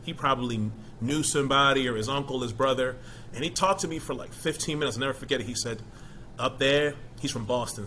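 A middle-aged man, a former college football player, talking casually in an interview as an animated storyteller who keeps asking "you know?". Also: medium pitch, fast, slight background noise.

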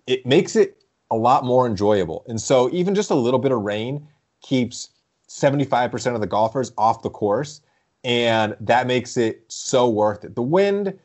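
A young man chatting casually as a podcast co-host, telling stories in a rambling, animated way with frequent laughs. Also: medium pitch, normal speed. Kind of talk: casual chat.

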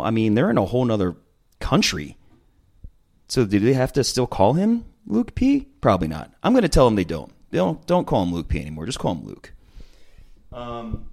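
A man talking casually, recapping a reality dating show with chatty, opinionated asides and frequent ums. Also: medium pitch. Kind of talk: casual chat.

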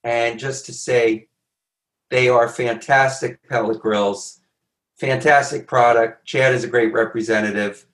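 A man hosts an interview in an eager, enthusiastic way, restarting his sentences as he goes. His mid-pitched voice sounds roomy. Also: steady tone, measured pace, a bit bright. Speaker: host. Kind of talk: interview hosting.

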